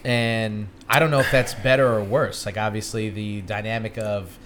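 A man co-hosting a casual podcast chat, animated and swearing, his pitch jumping when he gets excited. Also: normal speed, slight background noise. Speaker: podcast co-host.

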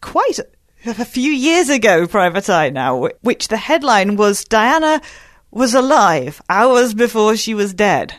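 A woman's voice: mid-range voice, big pitch swings, measured pace, no room sound, clean studio sound. A woman, a journalist guest on a podcast, explaining things in a thoughtful conversational way.

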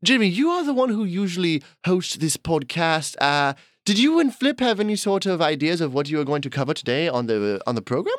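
A man's voice: fairly high pitch, animated, a little fast, few pauses, no room sound, studio quality, close to an everyday voice. A man playing a haughty, pompous male llama lord who acts as guest host, talking in a theatrical, indignant manner. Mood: genteel. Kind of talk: improvised comedy podcast.

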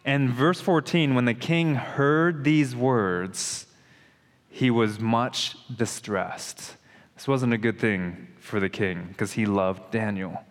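Casual, emphatic male preacher, mid-pitched voice, long reverb of a hall. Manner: conversational, emphatic, addresses listeners as guys. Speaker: pastor. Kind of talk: expository sermon.

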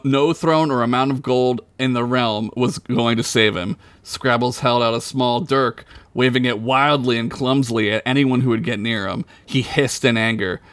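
A man, a podcast host, reading his own story aloud in a relaxed, playful way. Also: mid-range voice, smooth, no room sound.

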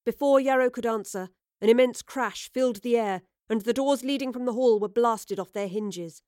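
A woman's voice: on the high side, normal speed, few pauses, a little mellow, no echo. Woman narrating an audiobook in a dry close voice. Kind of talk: scripted narration.

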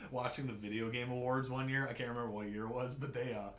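A man co-hosting a podcast, chatting casually, profane and laid-back, getting animated when telling stories. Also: mid-range voice, fairly quick. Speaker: podcast co-host. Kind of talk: casual chat. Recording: echoey room.

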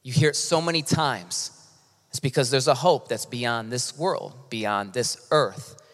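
A male pastor preaching a sermon with impassioned delivery, swinging from quiet to loud emphasis. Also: mid-range voice, measured pace. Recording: long hall reverb.

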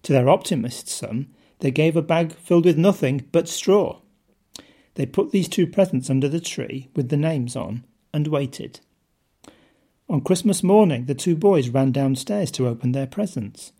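A man's voice: fairly high pitch, expressive, measured pace, mellow. A man giving a short scripted devotional talk, telling a story and asking rhetorical questions. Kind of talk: scripted sermon-style talk.

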